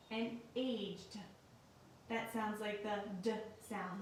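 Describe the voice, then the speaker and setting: A woman teacher giving a recorded lesson in a slow, clear and patient way. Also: medium pitch, a little hiss or hum. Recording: very echoey room, mic at a distance.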